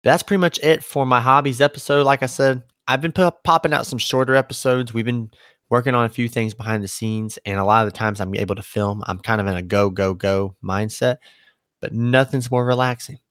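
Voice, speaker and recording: A young man hosting a solo podcast speaks briskly in a smooth, steady, mid-range voice with a fairly bright tone. He's casual and rambling, often catching and correcting himself mid-sentence. The studio recording is clean and echo-free.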